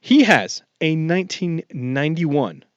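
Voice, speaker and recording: A man's voice: a little high, lively intonation, unhurried, clean tone, no echo. A man co-hosting a car podcast in casual chat, rambling and restarting his sentences. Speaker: podcast co-host. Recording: dull lo-fi podcast audio.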